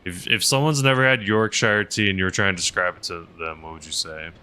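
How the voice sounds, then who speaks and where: A man's voice: low-pitched, fairly even intonation, brisk, sharp tone, smooth. A man chatting casually on a gaming livestream, rambling with lots of fillers and reading chat messages aloud. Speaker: game streamer and helicopter pilot.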